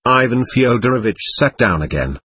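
A man narrating a classic novel as an audiobook, in a measured storytelling manner. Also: mid-range voice, sing-song, fairly bright tone, husky, no echo.

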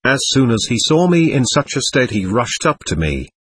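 A man voicing a shabby, bitter middle-aged captain who rambles with ironic self-abasement, husky-voiced. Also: medium pitch, sing-song, normal speed, no echo. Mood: bitter irony.

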